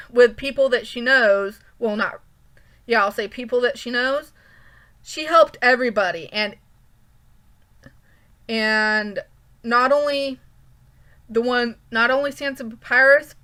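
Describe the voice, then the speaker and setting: A woman talks casually while she draws, rambling and restarting her sentences. Her voice sits on the higher side, and she speaks slowly and unhurriedly. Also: bright, forceful tone. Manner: rambling, hesitant, frequent ums and restarts. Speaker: art channel creator. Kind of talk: casual drawing commentary.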